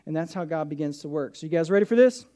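Animated high-voiced male pastor. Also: quick pace. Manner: animated, conversational, asks the congregation questions. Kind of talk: sermon. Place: church sanctuary.

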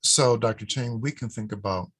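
A man with a lowish, husky voice speaks as a cardiology expert in an interview. He explains in a measured, emphatic way and repeats key points for stress. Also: fairly bright tone. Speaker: cardiologist guest, guideline author.

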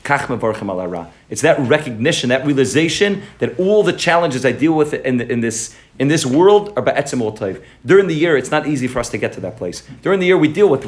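Brief: rapid-fire male preacher, emphatic storyteller, mid-range voice. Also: mid-range voice. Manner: animated and emphatic, repeating phrases. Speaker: rabbi giving a pre-holiday talk. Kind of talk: sermon with storytelling.

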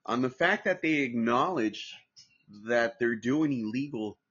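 Podcast host from Southern California, middle-aged man, husky and dull-sounding, rambling and profane. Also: mid-range voice, animated, a little slow, a bit bright. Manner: rambling, profane, restarts often. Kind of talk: casual livestream podcast chat.

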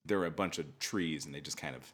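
A man's voice: very deep voice, quick pace, fairly bright tone. A young man co-hosting a podcast, rambling and joking in casual chat with many restarts. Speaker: podcast co-host.

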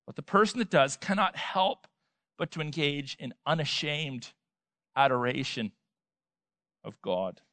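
A man preaching a sermon, emphatic, with rhetorical questions and swings between loud and soft. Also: fairly high pitch, no echo. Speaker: pastor.

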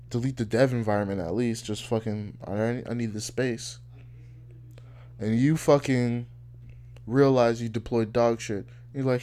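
A man's voice: mid-range voice, darkish tone. A man in his twenties hosting a podcast, ranting casually in a blunt, heated, profane way. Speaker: podcast host. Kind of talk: casual rant.

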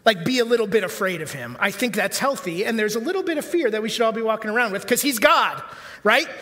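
High-voiced man preaching in a reverberant hall. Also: lively intonation, fast talker, pushed and bright. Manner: conversational preaching with filler words and rhetorical questions. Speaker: pastor. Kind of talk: sermon.

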